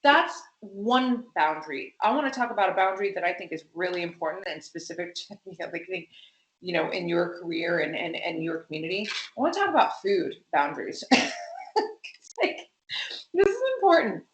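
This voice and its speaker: A woman guest talking about food boundaries in a casual interview, emphatic and animated, with lots of fillers. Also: fairly low pitch, brisk, reverberant, low-quality recording. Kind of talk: casual conversation.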